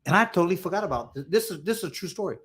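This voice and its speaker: Middle-aged male host, slightly higher pitch, rambling storyteller who repeats himself. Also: animated, racing, a bit bright, slightly rough. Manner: rambling, repeats words, acts out quoted dialogue. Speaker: interview host, former boxer. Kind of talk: casual interview storytelling.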